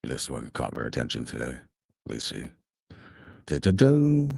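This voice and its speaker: A man hosting a casual livestream chat, rambling and chatty, with his voice run through a deep voice changer. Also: wildly swooping pitch, measured pace, gravelly, a little mellow, breathy edge, dry recording, clean studio sound. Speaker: host.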